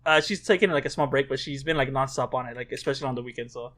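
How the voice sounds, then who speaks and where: A man co-hosting a podcast in casual chat, telling stories excitably and swearing often. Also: mid-range voice, rapid-fire. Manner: excitable storyteller, swears a lot. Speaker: podcast co-host.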